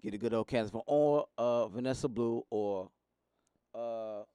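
A man in casual, crude banter, an animated storyteller who jumps into loud, high voices when quoting people. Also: measured pace, clear, resonant tone, no echo, clean studio sound.

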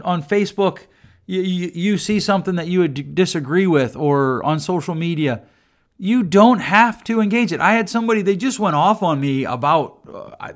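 A man with a somewhat higher voice, talking through his own podcast alone. He speaks casually and often stumbles over repeated words before going on, with a dry humor. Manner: conversational, repeats and restarts words, self-mocking dry humor. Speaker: podcast host. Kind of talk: solo podcast monologue.

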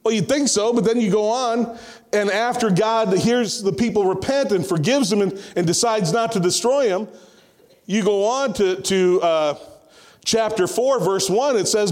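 A man delivers a sermon with a slightly high voice. He retells a scripture story in an animated, conversational way and slips into the voices of the people in it. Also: normal speed. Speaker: pastor.

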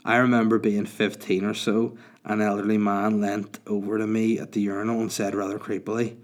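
A man's voice: fairly low pitch, flat delivery, a little fast. A man in his thirties hosting a comedy podcast, telling crude, rambling stories in a self-mocking way. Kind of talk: casual comedic podcast chat.

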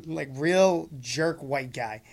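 A man's voice: a little high, extremely slow, vocal fry, crowd noise. A man telling a funny story in casual conversation, acting out both sides of the exchange and laughing often as he talks.

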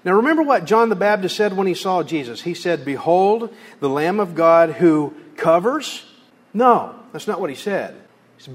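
Casting: man pastor, folksy, conversational sermon, slightly high voice, long reverberant hall. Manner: folksy, conversational preaching with Southern phrasing.

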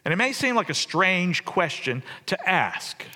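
A man preaching a sermon, telling the story conversationally and swinging between loud and soft. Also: high voice, very animated, unhurried. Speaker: pastor. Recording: long reverb of a church hall.

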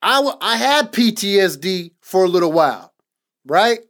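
A man's voice: sits high, very animated, moderate pace, fairly bright tone. Emphatic man giving testimony. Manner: emphatic, repetitive preaching cadence. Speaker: podcast co-host. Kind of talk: casual faith talk, personal testimony.

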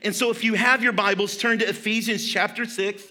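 Pastor, male, high bright voice, storytelling sermon from the pulpit. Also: fairly quick. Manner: storytelling, animated retelling with quoted voices. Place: church sanctuary.

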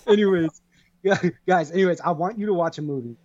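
A man co-hosting a podcast in casual chat, excitable, laughing a lot and swearing freely. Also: high-pitched, a little slow, dull audio. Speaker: podcast co-host.

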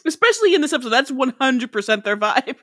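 Giggly high-voiced podcast woman. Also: big pitch swings, fast, fairly bright tone, no echo, clean studio sound. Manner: giggly, emphatic, swears for comic effect. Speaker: podcast co-host. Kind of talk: casual episode recap chat. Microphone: podcast microphone.

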